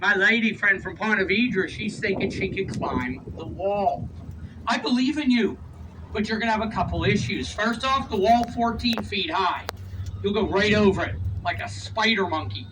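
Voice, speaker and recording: A playful male tour guide with a fairly high voice, picked up from a few rows back on a phone. He cracks jokes at his passengers between facts, over a steady engine and street rumble. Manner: playful, teasing passengers, quick asides. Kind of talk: joking guided tour commentary over a speaker. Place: open-air tour train outdoors. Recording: distant voice over vehicle noise. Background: vehicle rumble and street ambience.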